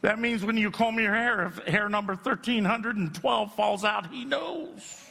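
Middle-aged male pastor, self-deprecating sermon delivery that builds to shouting, slightly high voice, reverberant hall. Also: a little slow, gravelly. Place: church sanctuary. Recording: long reverb in a church hall.

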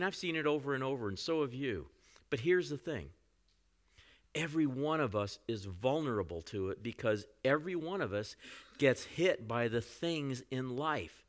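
A pastor preaching a sermon in a conversational way, with frequent asides to the congregation. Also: male voice, mid-range voice, a bit bright.

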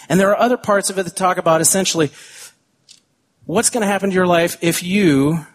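A man preaching a sermon as pastor, chatting his way through side tangents and reading scripture slowly and deliberately. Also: a little high. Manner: conversational, wanders into side tangents.

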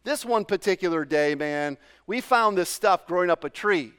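A man's voice: high-pitched, expressive, normal speed, a bit bright, clean tone. A middle-aged man from New England preaching a sermon in a loose, conversational way, full of fillers and questions to the congregation. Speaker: pastor.

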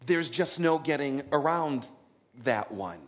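A middle-aged male pastor preaching a sermon in an animated, conversational way, often checking in with his listeners. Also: on the high side, slow pace. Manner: conversational, animated, frequent "right?" check-ins.

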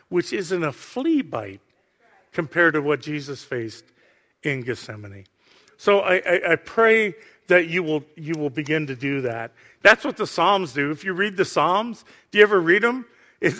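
A man preaching a sermon with passion, swinging from hushed, quiet lines to near-shouting. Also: a little high. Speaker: pastor.

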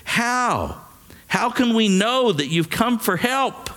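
A man's voice: lively intonation, slow pace, pushed and bright, heavily acted. Guy doing scared cave folks, voice jumps way up, anxious. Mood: pleading. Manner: high, anxious, pleading. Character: frightened cave dwellers, men and women.

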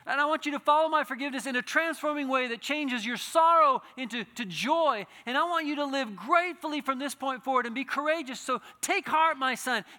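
A high, bright male voice preaching in a long-reverb church hall. He speaks earnestly and climbs into impassioned pleading, often restarting his phrases. The sound carries a lingering echo. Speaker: pastor. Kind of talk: sermon.

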